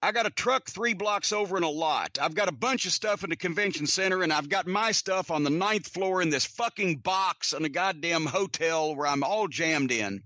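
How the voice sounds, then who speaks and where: A man's voice: on the high side, lively intonation, normal speed, few pauses, bright, forceful tone, no room sound, clean studio sound. A man hosting a podcast, telling rambling anecdotes in a casual, profane way. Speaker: podcast host. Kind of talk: casual storytelling.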